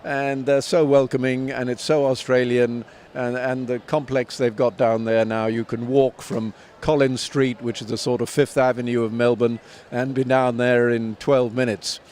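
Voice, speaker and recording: A man in his seventies talks at a measured pace with plenty of ums and restarts. He sounds like a veteran commentator telling stories in an interview. His voice sits in a middle pitch, with faint noise behind it. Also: little pitch movement, darkish tone. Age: 70s. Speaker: tennis commentator and author, guest. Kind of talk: reflective interview answers.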